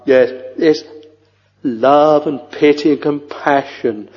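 An older man preaching a sermon with fervent, halting delivery and sing-song rises on scripture. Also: on the high side, fairly even intonation. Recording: dull, echoey old church recording.

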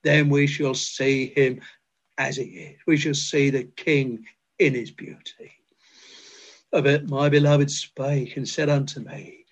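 A man's voice: mid-range voice, steady tone, slow pace. An older man preaching a fervent, tender chapel sermon, quoting scripture and hymn verses. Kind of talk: old-fashioned chapel sermon. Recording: dull lo-fi recording.

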